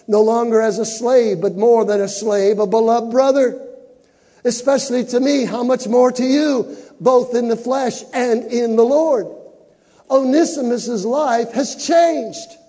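A man preaching a Christmas sermon, building to shouts and leading the congregation to repeat lines. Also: very high voice. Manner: preaching with rising shouts and call-and-response. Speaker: pastor. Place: church sanctuary. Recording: long reverb of a large hall.

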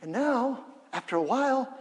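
A male pastor preaching a sermon in a church, energetic and humorous, leading the congregation in call-and-response. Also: extremely high pitch, normal speed. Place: church sanctuary. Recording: long reverb of a church hall.

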